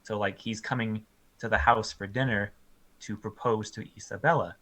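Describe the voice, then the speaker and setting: This man co-hosts a laid-back film review chat, sounding animated and dropping plenty of ums and likes. He laughs a lot while retelling scenes, his voice sitting on the low side at a normal speed.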